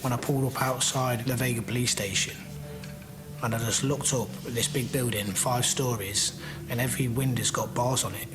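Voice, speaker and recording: Man over loud documentary music. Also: medium pitch, fairly even intonation. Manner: earnest, plain-spoken, halting at times. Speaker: interviewee recounting arrest abroad. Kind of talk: documentary interview testimony.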